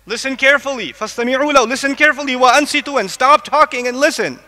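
A man from the United States, probably middle-aged, giving an animated religious lecture to a live audience, asking it questions and quickly reciting Arabic verses. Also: very high voice. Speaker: Islamic lecturer. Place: large lecture hall. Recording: long hall reverb.

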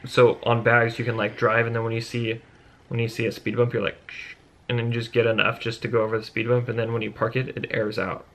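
A man's voice: medium pitch, monotone, quick pace, fairly bright tone. A young man chatting casually with his wife on her vlog, joking, laid-back and a little crude. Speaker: vlogger's husband. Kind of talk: casual chat.

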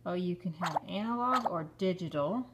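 A woman's voice: lowish voice, expressive, normal speed. Encouraging woman, noisy home recording. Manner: encouraging, asks short questions. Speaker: toy reviewer questioning a child. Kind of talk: casual home video chat.

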